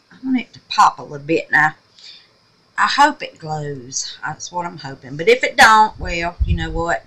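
Woman, craft vlogger, bright tone, homey chatty delivery, sweet-talks the viewers. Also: fairly low pitch, rough recording. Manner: chatty, calls viewers babies and honey. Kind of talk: casual crafting tutorial. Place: home craft room.

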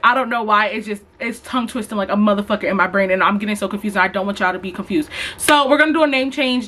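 A young woman rattles off a storytime vlog at a quick clip, her voice bright and sharp and pitched a little high. She is chatty and dramatic, swears freely and keeps talking straight to her viewers while she works on her hair. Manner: profane, chatty and dramatic, addresses viewers as y'all. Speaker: beauty vlogger. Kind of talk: casual storytime while installing a wig.

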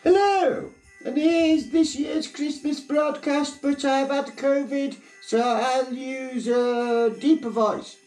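A man putting on a high falsetto voice to play an elderly, crude queen giving a mock-regal, sweary speech. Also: fairly even intonation, slow pace, a little mellow, reverberant, soft background music. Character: elderly queen, plummy and crude, mocking the year.

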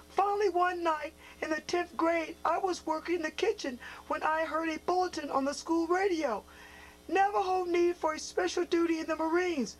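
A woman reading the lines of a gentle, firm old Navajo grandfather in a children's story. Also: very high-pitched, rough recording. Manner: soft, quiet, sometimes stern. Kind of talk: storybook read-aloud, character voice.

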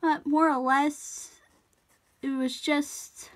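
Speaking very slowly in a high, level-toned voice, a woman draws while chatting casually for her tutorial vlog, wandering off-topic, interrupting herself and apologizing.

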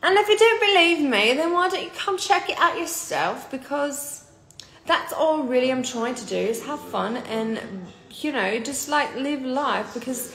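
A woman's voice: high-pitched, expressive, a little slow, fairly bright tone, reverberant. Blunt young woman on a phone live stream. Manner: blunt and offhand, calls viewers darling. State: tired. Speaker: livestream host. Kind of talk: casual live-stream chat.

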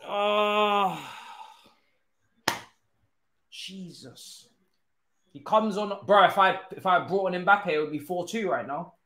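A young man, commentating his own football game live, groaning, swearing and now and then cheering loudly. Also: high-pitched, measured pace, echoey room. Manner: exasperated, groaning and swearing, swinging to loud cheers. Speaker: gaming streamer.

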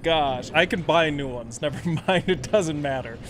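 A man's voice: fairly high pitch, moderate pace, hardly any pauses, a bit bright, slight background noise. A young man streaming a game live, chatting, laughing often, swearing and bantering with his chat. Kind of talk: live gameplay commentary.

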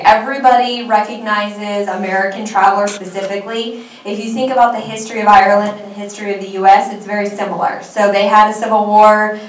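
Brief: woman tour rep explaining steadily, medium voice, far from the mic, echoey room. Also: mid-range voice. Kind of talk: panel presentation.

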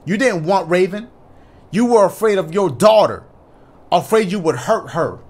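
A man's voice: high voice, expressive, normal speed, darkish tone. Man reading as a cold, accusing woman's ghost. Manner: reading game lines aloud in a half-serious voice. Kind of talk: reading game dialogue aloud.

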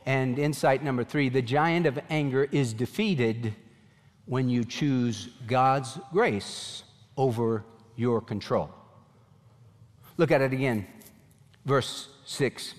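A man preaching a sermon as a pastor, animated, voicing God's questions in a pleading tone. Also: mid-range voice, slow, pauses often, long reverb tail.

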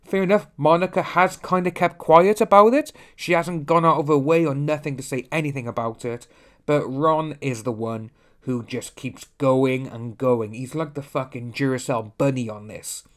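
A man's voice: mid-range voice, normal speed, a bit bright. A young man hosting a casual opinion commentary, talking bluntly and ranting, often mimicking others. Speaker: commentary channel host.

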